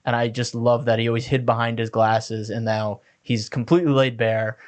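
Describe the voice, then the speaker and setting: A man's voice: medium pitch, level tone, moderate pace. A man co-hosting a podcast, chatting casually and enthusiastically about an anime episode, with many "like" fillers. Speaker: podcast co-host.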